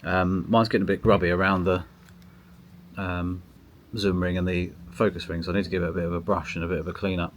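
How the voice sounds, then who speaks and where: A man's voice: sits low, flat delivery, a little fast, slight background noise. A man chatting casually to camera outdoors in a garden, rambling with lots of ums and restarts, recorded on a small camera's built-in mic. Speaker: photography vlogger. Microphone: built-in mic of a small gimbal camera on a tripod.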